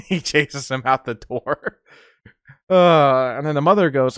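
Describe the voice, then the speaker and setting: A man's voice: mid-range voice, slow, clear, resonant tone, no echo, studio quality. A man hosting a podcast, rambling in casual chat with frequent laughs and fillers. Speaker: podcast host.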